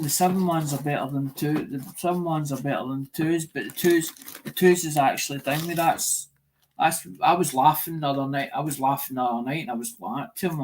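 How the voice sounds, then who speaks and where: A man chats loosely on a livestream. His voice sits a little high for a man. He circles back on his own words, stumbles over them and swears freely. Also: darkish tone, slight background noise. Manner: repetitive, swears a lot, loses track of words. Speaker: livestream host. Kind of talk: rambling casual livestream chat.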